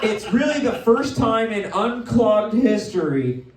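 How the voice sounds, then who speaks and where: Brief: loud, manic male comedy host with a lively, swooping voice, recorded in a roomy club. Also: high voice, unhurried, over a noisy crowd. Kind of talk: stand-up comedy hosting. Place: live comedy venue with audience. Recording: roomy live venue, mic at a distance.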